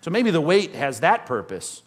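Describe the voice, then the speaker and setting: Man, pastor, sermon, slightly high voice, conversational, asks the listeners questions. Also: big pitch swings. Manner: conversational preaching, slows down to stress scripture, asks the congregation questions.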